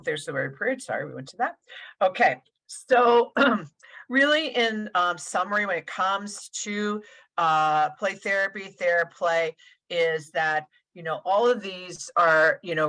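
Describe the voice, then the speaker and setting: Woman, play therapist, webinar talk, fairly low voice, casual with fillers, video call. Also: fairly bright tone, low-quality recording. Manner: conversational, many fillers, guides listeners through hands-on activities. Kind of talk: webinar presentation.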